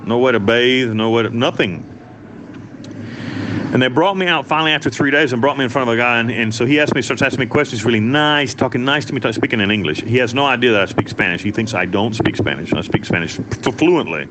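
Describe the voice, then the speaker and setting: A man's voice: medium pitch, expressive, quick pace, background noise. Blunt, profane American man telling his story. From United States. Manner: blunt and profane, rambling with restarts. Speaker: interview guest. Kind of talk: candid storytelling.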